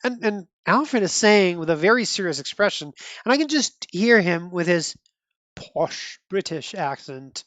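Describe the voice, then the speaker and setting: Casting: a rambling comic podcast host, 30s or older, average pitch, dry close sound. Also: lively intonation, measured pace, fairly bright tone, no room sound. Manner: chatty, rambling, frequent restarts and laughs. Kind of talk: casual commentary reviewing a comic.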